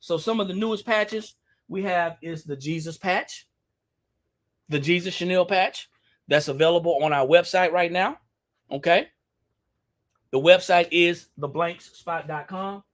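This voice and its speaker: Shop owner with a Louisiana twang, casual live-stream host, chatty and repetitive, higher-pitched male voice. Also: a little slow, long pauses. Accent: Louisiana Southern. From Baton Rouge, Louisiana. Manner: chatty, repeats himself, addresses viewers directly.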